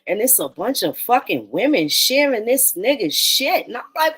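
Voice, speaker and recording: A woman's voice: a little high, moderate pace, few pauses, husky. Blunt, foul-mouthed woman ranting casually. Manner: blunt, animated, swears often, talks to listeners as y'all. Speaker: host of a live audio talk room. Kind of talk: casual profane commentary.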